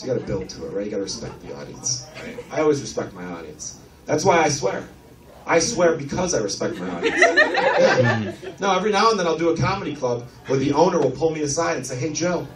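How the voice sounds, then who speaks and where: A man from Chicago doing a brash, profane stand-up comedy set on a comedy club stage, with lively storytelling. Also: mid-range voice, fast talker, far from the mic, noisy background. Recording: echoey club recorded from afar. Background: audience laughter.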